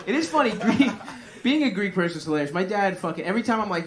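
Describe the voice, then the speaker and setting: A man's voice: sits high, very animated, fast talker. Rambling, profane stand-up comedian man. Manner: rambling, profane, self-deprecating. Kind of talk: stand-up crowd work. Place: comedy club stage. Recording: live comedy club with crowd noise.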